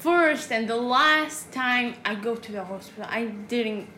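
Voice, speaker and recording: High-voiced young woman in an echoey room. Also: animated, pushed and bright. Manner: rambling, rushed, laughing storyteller. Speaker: podcast co-host. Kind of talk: casual chat. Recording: echoey room with light noise.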